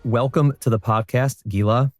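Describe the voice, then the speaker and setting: A man's voice: medium pitch, fairly even intonation, moderate pace, soft background music. A man hosting a podcast interview over a phone call, upbeat and chatty. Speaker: podcast host, doctor.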